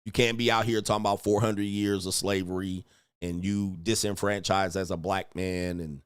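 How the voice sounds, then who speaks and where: A man's voice: low-pitched, level tone, moderate pace, smooth, dry recording. A man on a livestream telling a rambling story in crude language, laughing often and checking in with "all right?". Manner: profane, laughs often, acts out quoted voices. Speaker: streamer and fitness coach. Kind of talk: casual opinion rant and storytelling. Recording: dry close mic.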